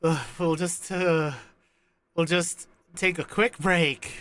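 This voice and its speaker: Bright-voiced excitable woman streamer. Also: fairly low pitch, slow. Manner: excitable, swears casually, talks to chat. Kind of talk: live game playthrough commentary.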